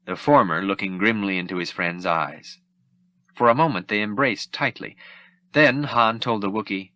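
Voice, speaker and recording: A man reading an audiobook aloud in a steady, measured way as narrator. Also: deep voice, dry recording. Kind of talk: scripted narration.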